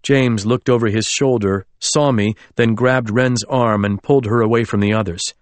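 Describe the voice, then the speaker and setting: A man reading a novel aloud as an audiobook narrator, in a measured, literary storytelling manner. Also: lowish voice, no echo. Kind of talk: scripted narration.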